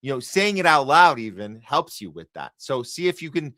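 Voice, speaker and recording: Male podcast host, casual and rambling, bright dry sound. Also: mid-range voice, sing-song, moderate pace, no echo. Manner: rambling, encouraging, many restarts.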